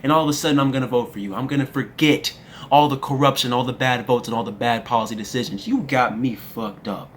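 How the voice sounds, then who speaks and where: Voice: medium pitch, quick pace, a little hiss or hum. A young adult political commentator delivering an angry, profane rant, addressing the listener directly and with strong emphasis.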